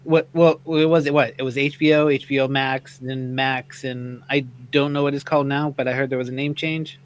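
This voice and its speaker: A man's voice: medium pitch, flat delivery, normal speed. A man co-hosting a talk radio show, chatting casually and answering briefly and a little unsure.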